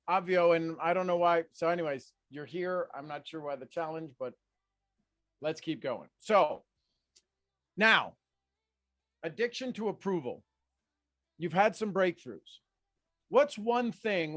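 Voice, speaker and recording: A man coaching a group on a video call, energetic and repeating his commands over and over. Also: high-pitched, no room sound, studio quality. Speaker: life coach.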